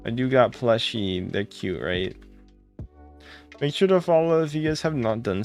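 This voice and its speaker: Gravelly-voiced man chatting on a live stream. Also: mid-range voice, unhurried, soft background music. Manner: greets viewers by name, excitable and gushing. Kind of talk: casual live-stream chat.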